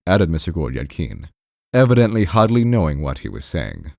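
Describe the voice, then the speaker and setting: A man narrates a classic novel as an audiobook in a measured, expressive way. His low voice rises and falls widely with the story. The recording is dry and close to the microphone. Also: gravelly, dry recording.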